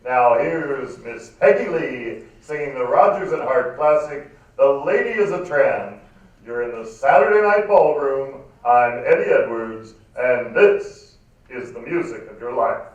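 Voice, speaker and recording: A man's voice: expressive, muffled recording, natural voice. A man doing a silky radio ballroom host. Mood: showy, suave. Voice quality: baritone, silky announcer delivery. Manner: loud, drawn-out, showy announcing. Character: smooth male 1950s radio ballroom host. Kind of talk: live stage reading. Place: large performing arts hall. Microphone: far camera. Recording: echoey hall from far off.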